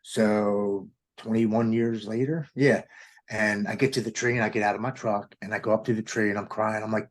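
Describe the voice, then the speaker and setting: A man's voice: lowish voice, fairly even intonation, normal speed. A man in his forties from Maryland, telling an emotional personal testimony as an interview guest and quoting his own past thoughts aloud. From Maryland, United States.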